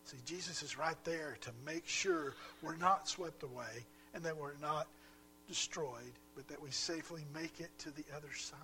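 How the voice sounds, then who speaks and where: A man preaching a sermon as pastor, swinging between loud emphatic pushes and quiet drops, with a faint mains hum behind. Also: fairly high pitch, low-quality recording.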